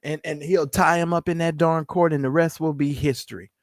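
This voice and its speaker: A woman co-hosting a casual talk show, telling stories with animated emphasis. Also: low voice, a little fast, no room sound, studio quality. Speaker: co-host. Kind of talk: casual chat.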